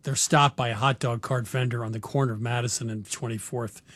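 An older male radio host with an easy, chatty manner who laughs often. His voice sits at a middle pitch. The sound is dry and close, with no room echo. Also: fairly even intonation, fairly quick, a bit bright. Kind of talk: radio interview and call-in.

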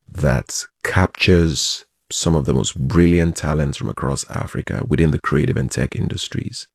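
A man, a project founder giving measured, expansive interview answers. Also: a bass voice, vocal fry, husky, dry recording, studio quality.

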